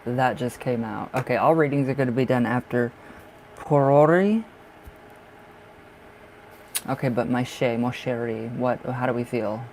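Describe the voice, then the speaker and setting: A man's voice: mid-range voice, little pitch movement, brisk, vocal fry, hardly any pauses, slight background noise, rough recording. Man tarot reader on a live stream, from the northern US, chatty and giggly, mid-range voice. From northern United States. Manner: chatty, laughs often, repeats himself.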